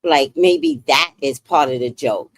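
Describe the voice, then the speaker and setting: A woman's voice: rumbling low, measured pace, no room sound. A woman with a New York accent hosting a live stream, chatting bluntly and swearing freely. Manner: chatty, blunt, profane, laughs often. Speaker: livestream host. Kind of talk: casual live-stream commentary.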